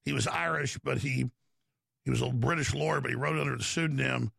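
A middle-aged man hosting a call-in radio show, ranting forcefully and jumping about in pitch and pace. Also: steady tone, a little fast, creaky, husky, no echo, studio quality. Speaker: radio talk show host.

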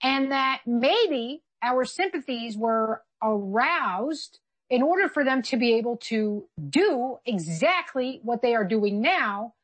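A woman's voice: fairly high pitch, animated, slow. A woman co-hosting a political commentary chat, talking in an emphatic, argumentative way. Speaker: co-host.

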